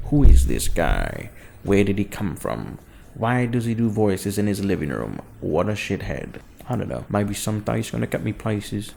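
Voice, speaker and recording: A man's voice: fairly low pitch, gravelly, darkish tone, slight background noise. A young man hosting his own web show from his living room, talking in a crude, self-mocking, rambling way. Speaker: host of a home web show. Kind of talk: casual rambling comedic monologue.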